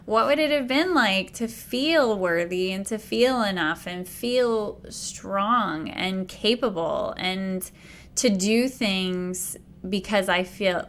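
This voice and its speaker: A woman's voice: mid-range voice, fairly bright tone. A woman hosting a podcast, talking in a reflective, affirming way in casual conversation. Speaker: podcast host.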